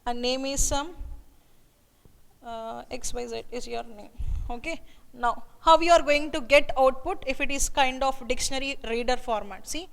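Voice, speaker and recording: A woman's voice: high-pitched, moderate pace, gravelly, in a large hall. A woman explaining programming step by step, often saying "okay" and "see here". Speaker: programming teacher. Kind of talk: screen-recorded coding lesson.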